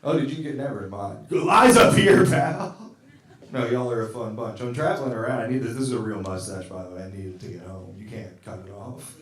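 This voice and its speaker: A man's voice: lowish voice, fairly quick, darkish tone. A man doing a live stand-up set, teasing the crowd with loose, chatty jokes and laughing asides. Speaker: stand-up comedian. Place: live music venue with a band on stage. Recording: roomy live venue from a distance.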